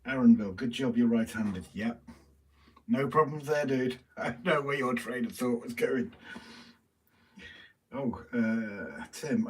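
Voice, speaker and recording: A man's voice: medium pitch, darkish tone. A British man chatting casually on a live stream, reading viewer comments and bantering in a teasing way. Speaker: livestream co-host. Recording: voice from a distance, faint noise.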